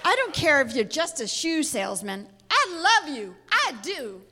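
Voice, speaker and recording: A woman voicing a doting, lovestruck wife in a sing-song, drawn-out way. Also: high voice, huge pitch swings, music in the background. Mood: affectionate. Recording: live hall reverb from off-mic.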